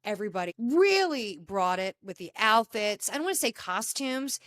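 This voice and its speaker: A woman's voice: mid-range voice, big pitch swings, moderate pace, fairly bright tone. A woman hosting a podcast, casually recapping a reality show in a chatty, opinionated way and acting out the dialogue. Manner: chatty and opinionated, acts out quoted dialogue, frequent restarts. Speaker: podcast host.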